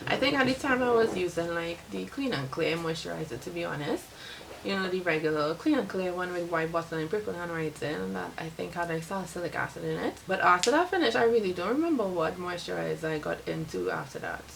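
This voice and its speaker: Chatty Trinidadian woman with a gravelly voice. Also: lowish voice, lively intonation, a little fast, a little hiss or hum, low-quality recording. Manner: chatty, rambling, many "like" fillers. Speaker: beauty vlogger. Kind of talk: casual talk to camera.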